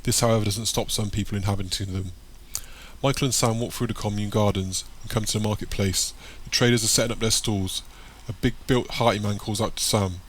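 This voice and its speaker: A man narrating an audiobook in a plain, steady reading voice. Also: on the low side, a little fast, a little hiss or hum.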